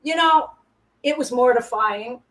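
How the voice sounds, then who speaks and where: A woman's voice: high voice, unhurried, a bit bright, poor audio. A woman, a former Broadway performer, telling stage anecdotes over a video call and laughing often. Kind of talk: casual storytelling interview.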